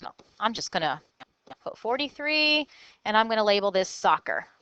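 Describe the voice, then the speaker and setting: A woman's voice: medium pitch, big pitch swings, normal speed, a bit bright, clear, resonant tone, no room sound, dull audio. A woman teacher recording a math lesson for children, thinking aloud step by step in an upbeat way.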